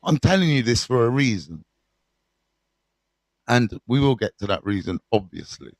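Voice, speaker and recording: A middle-aged English man with a mid-pitched voice tells his own story to camera. He talks candidly and animatedly, dropping slang and swearing as he goes. The sound is close and dry. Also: very animated, normal speed, dry recording. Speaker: addiction recovery mentor.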